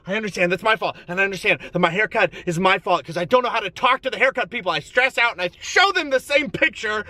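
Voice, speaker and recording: Man, twenties, comic self-mocking vlogger; high, bright voice. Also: expressive, fast talker, few pauses, no room sound. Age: 20s. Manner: self-mocking, swings into shouted melodramatic wails. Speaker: comedian vlogger. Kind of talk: comedic vlog monologue. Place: inside a van.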